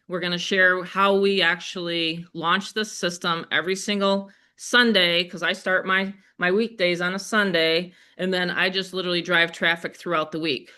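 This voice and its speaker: A middle-aged woman with a Western New York accent, hosting a live webinar in an energetic, chatty way and talking straight to her audience. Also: medium pitch, clear, resonant tone. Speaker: webinar host. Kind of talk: live sales webinar chat.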